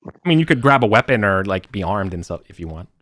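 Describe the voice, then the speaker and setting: A man's voice: fairly low pitch, big pitch swings, fast, a bit bright. A man running a tabletop game over an online voice call, talking casually and correcting himself as he goes. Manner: rambling, self-correcting, casual. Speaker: game master.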